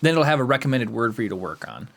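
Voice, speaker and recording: A man co-hosting a podcast in casual chat, animated and laughing often. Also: mid-range voice, fast talker, vocal fry. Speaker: podcast co-host.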